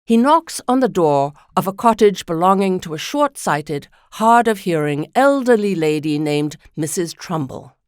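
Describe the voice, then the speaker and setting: A woman narrating a podcast from a script in a measured, storytelling manner. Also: fairly low pitch, lively intonation, smooth, no echo, clean studio sound.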